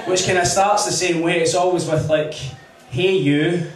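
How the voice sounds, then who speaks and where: A man's voice: sits high, steady tone, normal speed. Scottish man, stand-up comic, rambling, confessional, distant mic, heavy echo. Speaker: stand-up comedian. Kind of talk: stand-up routine. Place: comedy club stage. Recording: echoey venue from far off.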